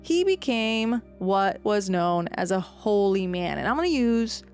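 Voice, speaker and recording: A woman's voice: medium pitch, unhurried, faint music behind. A woman presenting a history story on a casual podcast, chatty, with lots of fillers. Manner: chatty, animated, many fillers, jumps into quoted voices. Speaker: podcast co-host presenting the research.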